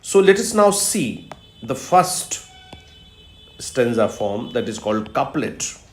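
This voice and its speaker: Slow, emphatic lecturer. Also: male voice, mid-range voice, very animated, faint music behind. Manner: slow, emphatic teaching with repetitions and fillers. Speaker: English literature lecturer. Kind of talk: recorded video lecture. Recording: echoey room.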